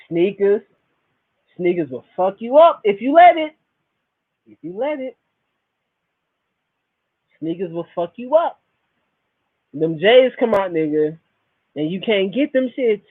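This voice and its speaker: Animated man ranting over a tinny line. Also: high voice, husky. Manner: animated, repetitive, profane storytelling. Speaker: podcast host. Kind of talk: casual monologue. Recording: tinny phone-like recording.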